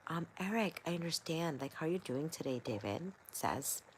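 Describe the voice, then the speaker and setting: A woman's voice: sits low, animated, normal speed, slight background noise. A woman hosting a livestream, reading chat comments in a scattered, playful, chatty way.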